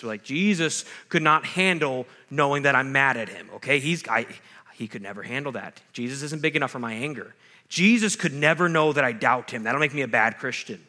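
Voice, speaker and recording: A man preaching a sermon in a fairly high, forceful voice. He talks like he is chatting with his listeners, asking them "right?" and "okay?" as he goes, switching between strong, loud points and quieter asides. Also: animated, a little fast. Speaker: campus ministry pastor.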